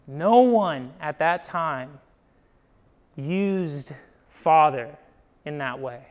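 The speaker is a young man from Ohio in the Midwest, a pastor giving a sermon through conversational storytelling. He frequently asks "right?" and alternates emphatic surges with quiet drops, speaking very slowly in an expressive, rather high voice.

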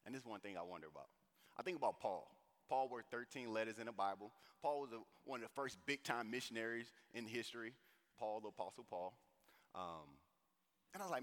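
A man's voice: lowish voice, fairly quick. Preacher man in a reverberant hall. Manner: animated, conversational preaching with slang. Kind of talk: sermon.

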